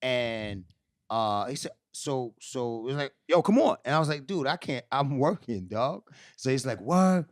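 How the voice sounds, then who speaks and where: Animated man telling a long street story. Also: medium pitch, a little slow, dry recording, clean studio sound. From New York. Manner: animated, acts out quoted voices, laughs often. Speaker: guest storyteller. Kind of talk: casual storytelling chat.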